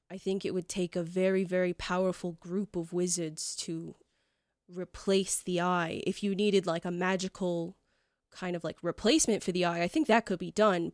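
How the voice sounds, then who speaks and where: A woman's voice: lowish voice, no room sound, clean studio sound, lightly acted. A woman voicing a sheepish young male court wizard in his early thirties who talks hesitantly, full of fillers.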